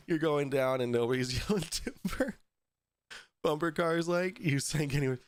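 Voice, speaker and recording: A man's voice: on the high side, unhurried, dry recording. A man hosting a podcast, telling a story in a casual, profane way, often laughing through it. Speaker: podcast host.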